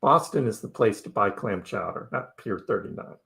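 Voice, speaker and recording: A man's voice: on the low side, expressive, normal speed, creaky, bright, forceful tone. A middle-aged man hosting a crypto livestream, casually answering viewer chat with wry jokes and frequent laughs. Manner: chatty and wry, laughs often.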